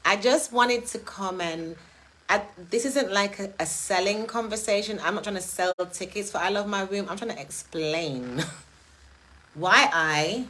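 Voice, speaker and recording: A middle-aged woman, hosting and talking casually in a chatty, animated way, laughing often. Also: medium pitch, measured pace, rough recording. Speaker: event host. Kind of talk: casual monologue.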